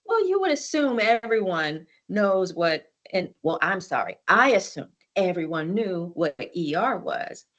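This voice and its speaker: A woman's voice: lowish voice, sing-song, a little slow, hardly any pauses, fairly bright tone, highs cut off. A woman in her forties giving a conversational storytelling presentation over a video call, with many fillers and restarts. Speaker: conference presenter.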